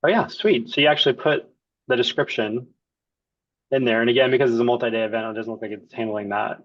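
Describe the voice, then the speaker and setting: A man acting as the client, casually walking through a software demo and thinking aloud as he clicks around. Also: mid-range voice, level tone, fast talker, no room sound, lo-fi sound.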